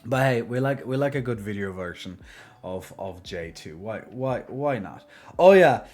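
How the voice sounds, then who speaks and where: A man's voice: lowish voice, animated, a little slow, darkish tone. A man with a mild Irish accent, chatting casually and playfully as a live streamer. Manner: playful and jokey, laughs often. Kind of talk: casual chat.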